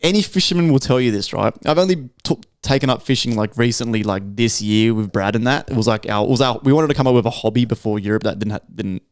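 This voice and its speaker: A man's voice: medium pitch, fast talker, hardly any pauses, smooth, no echo, studio quality. Profane Australian man telling a story. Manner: profane, animated storytelling with heavy slang. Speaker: podcast co-host. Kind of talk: casual chat.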